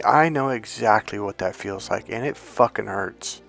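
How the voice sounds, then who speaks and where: A man's voice: fairly low pitch, moderate pace, gravelly, fairly bright tone, faint music behind. Emphatic, profane male dating coach. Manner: emphatic, profane, with lots of restarts and acted-out quotes. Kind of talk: sales pitch for a course.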